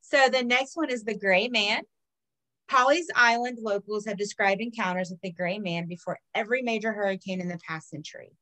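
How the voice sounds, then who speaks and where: A woman's voice: mid-range voice, fairly quick, bright, forceful tone, low-quality recording. A woman who reads folk legends aloud on a podcast. She swears freely and breaks off to riff on each story. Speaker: podcast co-host telling folklore stories. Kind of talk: casual storytelling chat.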